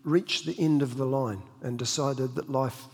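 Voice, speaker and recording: A man's voice: mid-range voice, steady tone, normal speed, vocal fry. A man preaching a sermon in a conversational, storytelling way, with frequent restarts and self-deprecating humor. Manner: many restarts and repeated words. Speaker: pastor. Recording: long reverb of a church hall.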